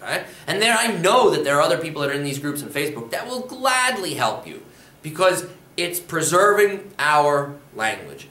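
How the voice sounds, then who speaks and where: A man's voice: fairly high pitch, pushed and bright. A man from Pennsylvania teaching a spoken language lesson, explaining patiently and repeating example phrases. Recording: roomy echo.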